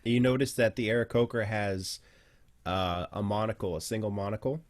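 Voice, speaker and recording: A man's voice: on the low side, steady tone, normal speed. A man narrating a tabletop game as game master, loose and casual with many fillers.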